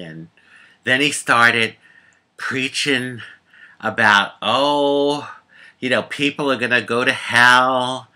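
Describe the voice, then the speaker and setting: Sassy, bright-voiced woman telling a story. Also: a bass voice. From United States. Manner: sassy, animated storytelling with sharp comebacks. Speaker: vlogger. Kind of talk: casual storytelling to camera.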